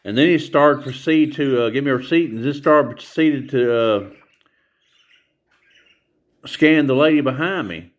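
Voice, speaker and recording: A man's voice: mid-range voice, measured pace, long pauses. A man vlogging a casual rant about a store visit, rambling and repetitive, with many hesitations.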